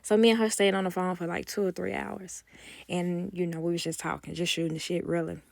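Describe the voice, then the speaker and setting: A woman telling a casual storytime, acting out quoted dialogue with animated gossipy energy, close to a phone mic. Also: fairly low pitch, brisk, vocal fry, no echo. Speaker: nanny vlogger.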